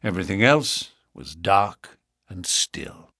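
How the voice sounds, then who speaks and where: A man narrating an audiobook of a classic novel in a steady, expressive storytelling manner. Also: fairly low pitch, unhurried, no echo, studio quality.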